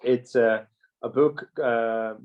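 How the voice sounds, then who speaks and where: A man's voice: medium pitch, fairly even intonation, slow, a little mellow. Hesitant man hosting an online talk. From Ireland. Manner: hesitant, many restarts. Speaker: host. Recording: dull lo-fi audio.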